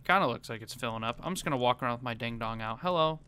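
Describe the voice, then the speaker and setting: A man giving gameplay commentary, panicking and pleading in fast repeated bursts. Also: medium pitch, bright, forceful tone, smooth. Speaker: gaming YouTuber.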